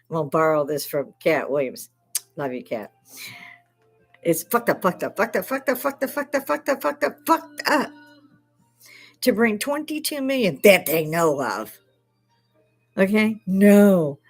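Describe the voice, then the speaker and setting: An older woman hosting a casual livestream from her bar, swearing freely and breaking into laughs often. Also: on the low side. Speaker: livestream host.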